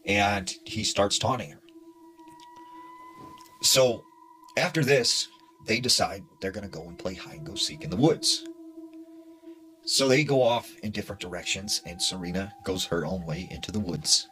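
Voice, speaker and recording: A man narrating a spooky true story in a hushed, dramatic way with casual fillers. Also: fairly low pitch, lively intonation, moderate pace, pauses often.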